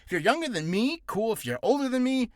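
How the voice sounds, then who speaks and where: A man's voice: extremely high pitch, sing-song, fast, no echo, studio quality. A man giving casual spoken advice on voice care in a loose, rambling way, often correcting himself, with a slightly ticklish throat. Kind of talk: casual spoken video lesson.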